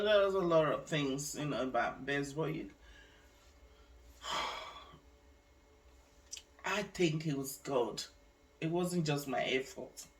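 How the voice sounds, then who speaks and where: A woman tells her own story in a personal vlog. She speaks with deep feeling, stops and starts her sentences, and adds religious asides. Her voice sounds somewhat distant from the microphone. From Nigeria. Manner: emotional, halting, with frequent restarts and religious asides. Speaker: vlogger sharing her life story.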